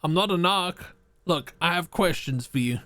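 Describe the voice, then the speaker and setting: A man's voice: high-pitched, animated, moderate pace, a bit bright. A man streaming a game live, reading choices aloud and joking with his chat.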